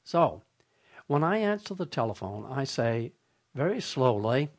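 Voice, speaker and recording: An older man hosting a radio show, telling a humorous story in a deliberate, slow way. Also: medium pitch, very animated. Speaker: radio host.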